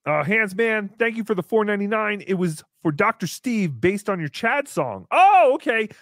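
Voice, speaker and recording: A man hosting a casual live show, excitably chatting and reading out viewer messages. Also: high-pitched, moderate pace, no echo, studio quality. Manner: excitable, reads out paid messages. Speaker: show host.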